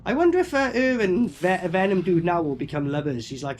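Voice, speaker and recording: A man's voice: high-pitched, lively intonation, brisk, slight background noise. A man giving a casual, sweary running commentary as he reviews a film. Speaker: movie reviewer.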